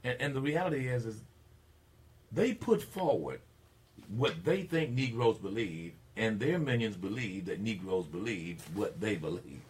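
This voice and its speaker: An older man hosts talk radio, preaching his points emphatically. His low voice rises and falls with lively swings between quiet asides and loud declarations. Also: a little slow, slightly rough. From Mississippi. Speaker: radio talk show host. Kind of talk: opinionated talk radio monologue.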